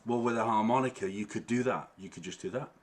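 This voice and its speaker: A man teaching harmonica in an online workshop, chatty and relaxed, checking in with the class with a frequent "yeah?" as he explains. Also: lowish voice, quick pace. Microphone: online stream with latency. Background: guitar playing.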